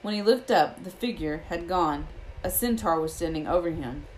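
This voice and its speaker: A woman reading a children's fantasy novel aloud in a steady storytelling manner. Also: fairly low pitch, normal speed, a little hiss or hum, rough recording. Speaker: audiobook reader.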